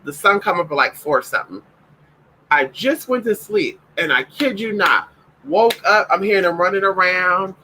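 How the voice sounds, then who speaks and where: A man's voice: high voice, bright, forceful tone, a little hiss or hum, poor audio. A man chatting casually in a home vlog, sassy and profane, talking to viewers and calling his dogs. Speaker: vlogger.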